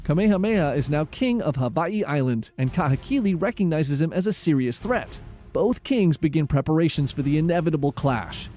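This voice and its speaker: A man giving dramatic, measured scripted narration of a history documentary. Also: a little high, lively intonation, dark tone. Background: faint music.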